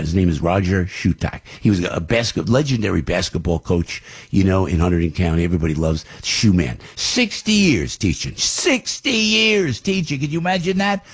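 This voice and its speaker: A man's voice: sits low, expressive, fairly quick, few pauses, a little mellow, slightly rough. An older man, a radio host telling a long rambling story with many restarts. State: under the weather.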